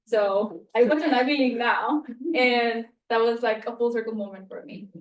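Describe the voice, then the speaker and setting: Young woman from Mexico, student presenter, casual and self-deprecating, slightly high voice, recorded at a distance in an echoey room. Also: moderate pace. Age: young adult. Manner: chatty, filler-heavy and self-deprecating. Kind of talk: spoken end-of-year presentation. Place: room at a university.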